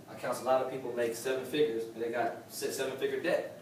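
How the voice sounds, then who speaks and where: A man's voice: medium pitch, flat delivery, fast, a little mellow. A man giving a motivational talk at a sales meeting, preachy, repeating his key lines for emphasis. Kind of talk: live motivational talk to a room. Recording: distant echoey room with faint noise.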